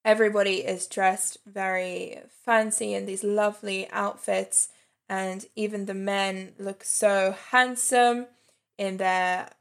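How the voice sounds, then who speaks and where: A woman's voice: medium pitch, gravelly. A woman in her thirties giving a chatty, candid spoken movie review and laughing lightly between points. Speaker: film reviewer.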